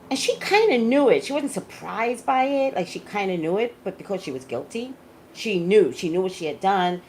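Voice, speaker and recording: A woman's voice: lowish voice, brisk, gravelly, slight background noise, low-quality recording. A woman working as a psychic tarot reader, chatting casually and emphatically to her viewers, saying "like" a lot. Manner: chatty, animated, says "like" a lot. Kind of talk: casual chat to camera.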